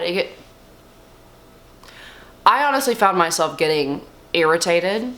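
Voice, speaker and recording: A young woman talking casually and candidly as a book vlogger, swearing freely and swinging her pitch up and down. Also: expressive, moderate pace, fairly bright tone. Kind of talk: casual chat.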